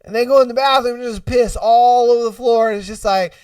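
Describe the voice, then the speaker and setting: A man's voice: very high voice, fairly even intonation, brisk, a little mellow, smooth, no room sound, clean studio sound, far from the mic. A man hosting a casual podcast, reading posts aloud and riffing on them in a loose, profane way. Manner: loose, profane, laughs at his own retellings. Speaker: podcast host.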